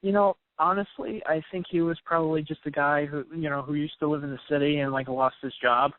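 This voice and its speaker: A man's voice: fairly high pitch, steady tone, brisk, dry recording. Laid-back man on a tinny line. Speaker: podcast co-host. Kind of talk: casual review chat. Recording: dry, tinny phone-like sound.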